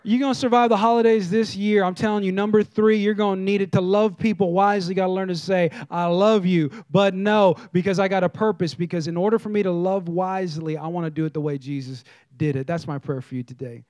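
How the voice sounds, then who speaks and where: A male pastor preaching a sermon in church, swinging between loud emphasis and hushed low tones and leading the congregation in call-and-response. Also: steady tone, fast, hardly any pauses, no room sound.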